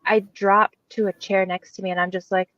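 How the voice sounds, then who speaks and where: A woman's voice: mid-range voice, level tone, fairly quick, fairly bright tone, dry recording, highs cut off. A woman guest on a podcast, speaking earnestly and reflectively in casual chat. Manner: earnest and reflective, quoting herself.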